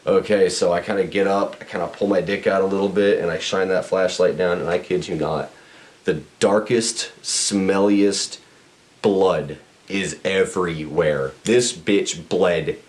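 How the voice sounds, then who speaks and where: A man's voice: low voice, steady tone, a little slow. A young man telling a crude story on a podcast, blunt and profane, rambling with restarts. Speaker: podcast host.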